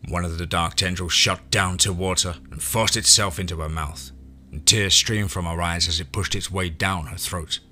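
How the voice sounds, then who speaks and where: A man reading a western horror story aloud in first person, steady and dramatic. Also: deep voice, normal speed, faint music behind. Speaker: narrator.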